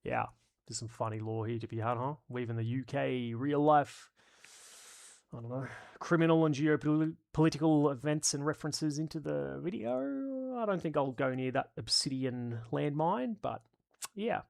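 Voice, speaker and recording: A man with a gravelly edge to his voice, talking through a casual live stream at a middling pitch. He reads out viewer comments and riffs on them, joking and swearing as he rambles along. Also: moderate pace, a little mellow. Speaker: streamer host.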